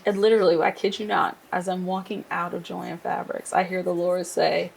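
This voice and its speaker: A woman from Nigeria, an interior designer, telling her career story in a casual, lively way and laughing often. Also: lowish voice, moderate pace, vocal fry, noisy background. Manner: lively, laughs often, acts out quoted voices.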